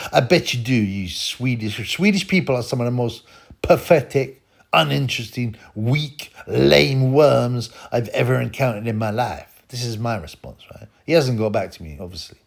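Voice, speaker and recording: A gravelly-voiced man talks into his mic, pouring scorn as he rambles through a solo boxing rant. His pitch sits mid-range, and he breaks off for laughs and throwaway "you know" asides. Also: measured pace. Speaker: boxing channel host. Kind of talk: ranting solo commentary.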